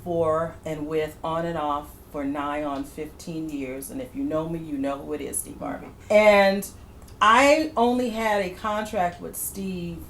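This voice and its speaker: A female writer speaks in an interview in a measured, reflective way. Her voice is low-pitched. It echoes in the room, with faint noise underneath. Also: fairly bright tone. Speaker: comedy writer.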